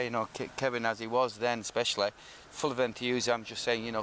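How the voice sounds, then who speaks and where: A middle-aged man, a former professional footballer, telling lively anecdotes in a relaxed interview and acting out what others said. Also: fairly low pitch, fairly quick, hardly any pauses, a little hiss or hum. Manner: lively storyteller who acts out quoted speech.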